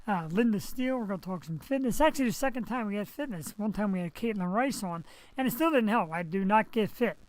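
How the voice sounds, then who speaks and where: A man's voice: high-pitched, expressive, fast talker, no room sound, poor audio. A man hosting a live web show from home, chatting casually and rambling through jokey asides while recovering from surgery, on a headset mic. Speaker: host. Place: home setup, streaming.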